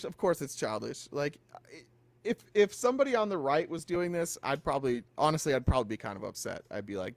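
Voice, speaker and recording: A man's voice: on the high side, lively intonation, moderate pace, dry recording. A man co-hosting a casual political commentary show, joking and laughing often as he mimics others. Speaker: co-host.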